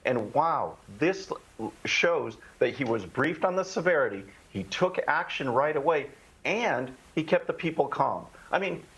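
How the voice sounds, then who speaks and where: A man's voice: fairly high pitch, lively intonation, unhurried, fairly bright tone, husky, low-quality recording. A man giving emphatic political commentary as a guest on a live TV news show. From Texas.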